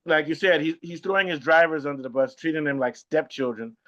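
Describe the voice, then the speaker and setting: A man co-hosting a casual sports podcast chat, talking in an animated way and often repeating words as he thinks. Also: on the high side, fairly quick. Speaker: co-host. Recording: lo-fi dull sound.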